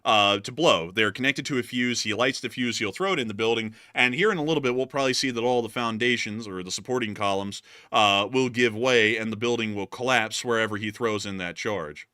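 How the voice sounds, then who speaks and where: A man's voice: mid-range voice, brisk, hardly any pauses, sharp tone, clear, resonant tone, no room sound, clean studio sound. Joking man narrating war footage. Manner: joking, laughs often, explains as he goes. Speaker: war news host. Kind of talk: casual war footage commentary.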